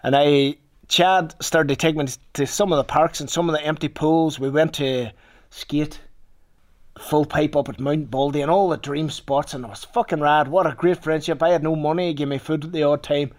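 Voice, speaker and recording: A man's voice: fairly high pitch, steady tone, moderate pace. A man with a Northern Irish accent telling a rambling personal story in casual talk, swearing freely. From Northern Ireland.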